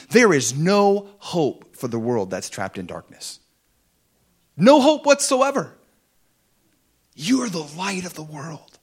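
A man preaching a sermon to a congregation, fervent and animated, dropping at times to soft, intimate tones. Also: high-pitched, slow pace, slightly rough. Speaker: pastor.

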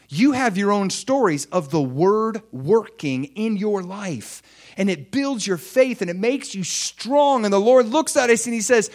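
High-pitched and animated, this preacher shares his personal testimony during a sermon. His delivery swings between hushed asides and excited shouts.

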